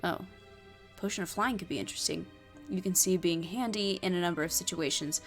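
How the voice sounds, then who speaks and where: A woman with a low-leaning voice reads and plays through a solo tabletop adventure at a fast clip, dropping chatty asides and plenty of fillers. Faint music plays behind her.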